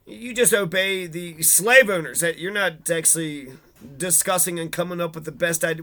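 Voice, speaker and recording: A man with a high, bright voice riffs on old history in a loose, sarcastic way. He swears freely and mocks the quotes he reads aloud. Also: moderate pace. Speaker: history channel host. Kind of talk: casual history commentary.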